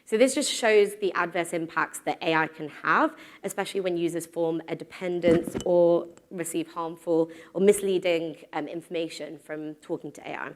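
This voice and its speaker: Woman in her 30s doing a conference talk, lowish voice, chatty, lots of ums, pokes fun at herself. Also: moderate pace. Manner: casual, self-deprecating humor with frequent ums. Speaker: conference speaker. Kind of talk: live presentation talk. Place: stage before a live audience.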